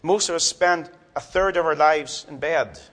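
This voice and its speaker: A man preaching a sermon in a church, swinging from loud emphatic lines to soft, low ones. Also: normal speed.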